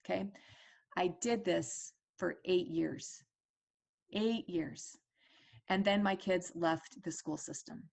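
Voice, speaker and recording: A woman's voice: on the low side, slow, vocal fry, pauses often, darkish tone. A woman in her forties telling a personal story as a parent advocate, earnest and conversational with fillers and restarts.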